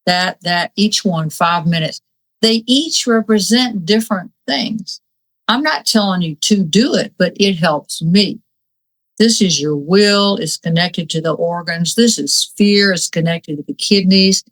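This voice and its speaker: A woman's voice: lowish voice, unhurried, a bit bright, rough recording. A woman and Reiki master talking on a spiritual talk show, fiery, earnest and plain-spoken.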